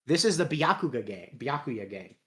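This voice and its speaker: A man hosting a casual chat, sarcastic and quick to laugh, swearing freely. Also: medium pitch, big pitch swings, pushed and bright. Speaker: host.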